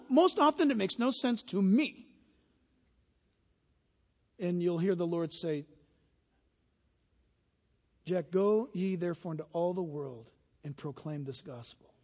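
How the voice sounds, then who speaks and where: High-voiced preacher man in a reverberant hall. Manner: swings from hushed storytelling to loud fervent preaching. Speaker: pastor. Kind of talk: sermon. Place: church sanctuary.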